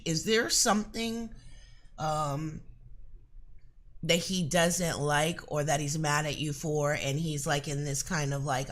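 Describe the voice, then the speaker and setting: Slow-talking woman giving a psychic reading. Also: sits low, a bit bright. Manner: chatty, hesitant, many fillers, coughs now and then. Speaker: psychic reader. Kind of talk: live psychic reading, casual chat.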